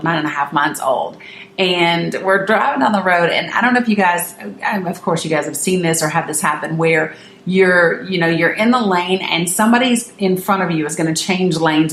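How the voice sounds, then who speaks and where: A middle-aged woman with a lowish voice tells her viewers a personal story, earnest and emphatic, often stopping to restart a sentence. The room around her gives her voice a roomy echo. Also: fairly bright tone, a little hiss or hum. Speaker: host.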